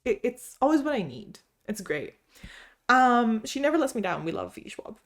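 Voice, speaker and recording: A chatty woman vlogging about books from home. She talks casually, bubbly and animated, telling stories and laughing easily. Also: a little high, normal speed. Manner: animated storyteller. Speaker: book vlogger. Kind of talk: casual chat.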